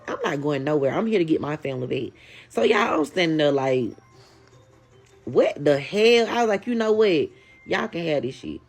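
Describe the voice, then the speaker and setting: A woman telling a casual storytime, animated and talking straight to her viewers. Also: low-pitched.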